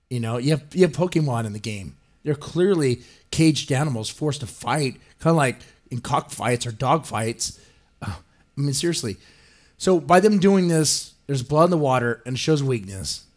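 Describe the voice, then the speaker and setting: A podcast host with a mid-range, slightly mellow voice delivers ranting commentary. He swears and mocks the people he quotes using put-on voices.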